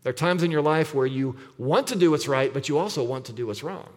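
A man's voice: on the high side, animated, fast talker. A man preaching a sermon as pastor, emphatic, repeating scripture and asking rhetorical questions. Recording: long reverb of a large hall.

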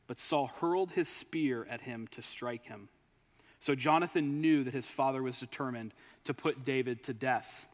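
A man's voice: mid-range voice, moderate pace, in a large hall. A man preaching a sermon, retelling a scripture story with emphatic asides.

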